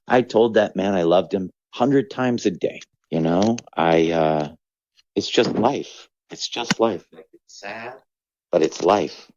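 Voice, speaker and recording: Low-voiced middle-aged male comedian, candid and rambling, dry dull recording. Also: animated, measured pace, a little mellow, no room sound. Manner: reflective, rambling, acts out quoted voices. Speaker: comedian guest. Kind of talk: candid podcast conversation.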